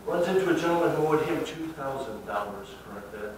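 Echoey preacher, talking casually. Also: male voice, a little fast, hardly any pauses, far from the mic, a little hiss or hum. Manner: conversational and emphatic, with lively swings of pitch and loudness. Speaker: pastor. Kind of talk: sermon. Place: church sanctuary. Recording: very echoey hall from afar.

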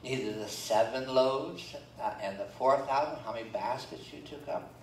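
Folksy pastor preaching in an echoey church. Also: male voice, mid-range voice, normal speed. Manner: folksy, joking asides between scripture readings. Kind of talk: sermon. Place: church sanctuary. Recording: roomy church echo, from far off, faint room noise.

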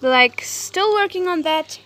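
A woman's voice: very high-pitched, animated, slow, pushed and bright, slight background noise. A woman from Africa, vlogging in a casual, rambling way outdoors in a garden and cooing at her dogs. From South Africa. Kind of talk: casual vlog chat.

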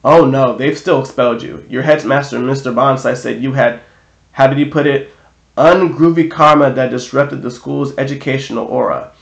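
A wise old centaur teacher speaks in a calm, measured and dry manner, as a man acts him out. The storybook reading has a noticeable roomy echo. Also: medium pitch, gravelly, natural voice.

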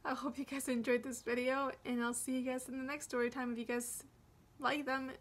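A young woman with a high voice, narrating a storytime for her vlog. She talks in a chatty, rambling way and often restarts her sentences. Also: little pitch movement, brisk. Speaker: vlogger.

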